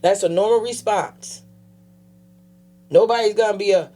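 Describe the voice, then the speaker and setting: A woman guest telling her personal story in a casual interview, animatedly acting out other people's voices and dropping quiet when she turns serious. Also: medium pitch, moderate pace, long pauses. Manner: animated, acts out quoted voices. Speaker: guest, advocate.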